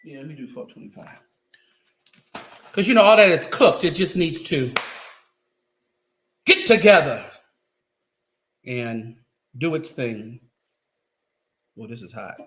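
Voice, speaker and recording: A man chats casually to his viewers while cooking in his home kitchen. His voice sits high and comes across bright and forceful. Now and then he drifts away from the mic as he works. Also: expressive, slow pace, pauses often. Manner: chatty, talks straight to viewers while cooking. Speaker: cooking livestream host.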